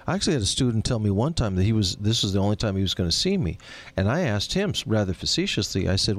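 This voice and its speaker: A professor hosts a laid-back podcast, his voice swinging up and down with animated, wry energy. He laughs often and keeps the chat loose. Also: fairly low pitch, fast talker.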